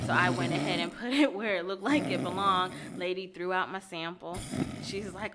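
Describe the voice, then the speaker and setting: A woman's voice: lowish voice, normal speed, a crowd in the background. A woman co-hosting a podcast, chatting casually and teasingly and jumping in to give her side of the story. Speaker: podcast co-host. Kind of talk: casual conversation.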